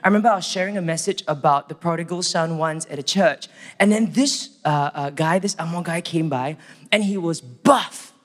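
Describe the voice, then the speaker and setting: A Singaporean man with a Singaporean English accent giving a church sermon. He opens with a prayer and then tells animated stories. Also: a little high, normal speed. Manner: animated storytelling, acts out quotes. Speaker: church staff preacher. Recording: long hall reverb.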